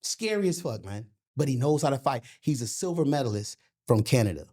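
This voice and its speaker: A middle-aged man, a boxing and MMA coach, telling stories in a casual interview, profane and animated, often asking "you know what I'm saying". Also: medium pitch, fairly quick.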